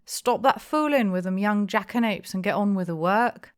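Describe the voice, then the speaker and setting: A woman's voice: on the low side, normal speed, lightly acted. A woman voicing a stout, good-humoured old innkeeper who scolds his daughter in a blustering way. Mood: scolding.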